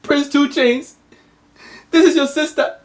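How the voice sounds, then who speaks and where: A woman's voice: high-pitched, fairly even intonation, a little slow, darkish tone, pitched above the performer's own voice. A woman voicing a tearful, overwrought queen mother who pleads and repeats herself.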